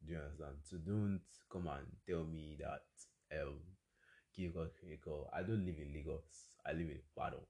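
Chatty young Nigerian man, very deep voice. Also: steady tone, darkish tone. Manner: chatty, exclamatory, quick asides. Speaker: podcast host. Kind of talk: casual solo storytelling podcast.

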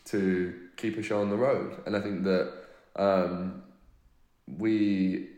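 Man, British accent, low-pitched, DJ interviewee, casual filler-heavy chat, echoey room. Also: level tone, takes it slowly, dark tone. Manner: loose storytelling, many fillers, laughs often. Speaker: touring DJ and musician. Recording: roomy echo.

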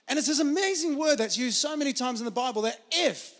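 Aussie pastor guy, chatty story-style sermon, pretty high voice. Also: animated, quick pace, few pauses, a bit bright. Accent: Australian. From Australia. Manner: casual, storytelling, lots of fillers.

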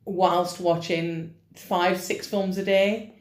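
A woman's voice: on the low side, steady tone, slow pace. A woman co-hosting a casual podcast, laid-back and wry. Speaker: podcast co-host. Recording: echoey room.

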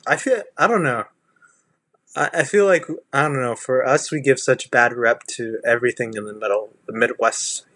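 Southern man, halting and rambling in casual talk, dry recording. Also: medium pitch, sharp tone, dry recording. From Texas. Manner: rambling, many restarts and fillers. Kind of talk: casual chat.

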